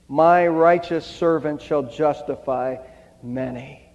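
A man's voice: fairly high pitch, moderate pace, a little mellow. An older man preaching an Easter sermon, reading scripture aloud with emphasis. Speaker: pastor. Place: church sanctuary. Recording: dull sound with long hall reverb.

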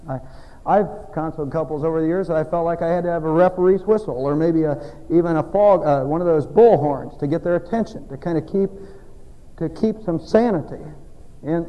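A man preaching a sermon as a pastor, emphatic and folksy, with loud exhortation and quiet asides. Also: fairly high pitch, in a large hall, muffled recording. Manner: folksy, self-deprecating humor.

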